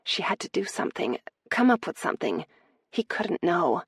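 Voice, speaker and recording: Husky, low woman narrating a romance audiobook. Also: sing-song, moderate pace, dry recording.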